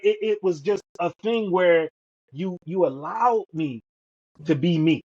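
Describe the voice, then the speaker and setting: A man's voice: high voice, measured pace, darkish tone, breathy edge. A middle-aged man co-hosting a podcast, telling stories emphatically and repeating words as he goes. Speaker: podcast co-host. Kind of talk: storytelling in conversation. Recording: dull lo-fi sound.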